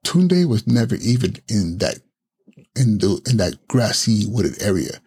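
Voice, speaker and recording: Husky, gravelly man telling a scary story. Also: fairly low pitch, very animated, measured pace, a little mellow. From Nigeria. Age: adult. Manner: dramatic storytelling with repeated words and restarts. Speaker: podcast host. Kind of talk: personal scary story told on a podcast.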